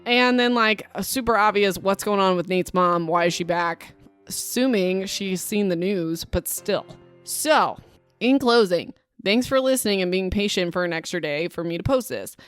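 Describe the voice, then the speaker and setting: A woman's voice: mid-range voice, moderate pace, clear, resonant tone, soft background music. A woman hosting her own podcast in a chatty, rambling, self-deprecating way, talking into a home microphone. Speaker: podcast host. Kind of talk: casual solo podcast chat.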